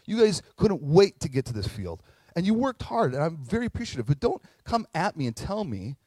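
Casual rich vineyard boss, voiced by a preacher, breezy and offhand, dry mic. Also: male voice, a little high, darkish tone, no room sound. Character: easygoing wealthy male vineyard owner.

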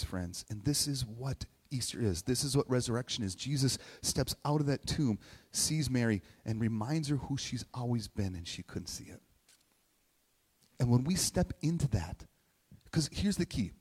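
A man's voice: medium pitch, expressive, moderate pace, darkish tone, husky. A man preaching a conversational sermon, emotional and close to tears at times, who keeps asking "right?". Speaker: pastor. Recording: long hall reverb.

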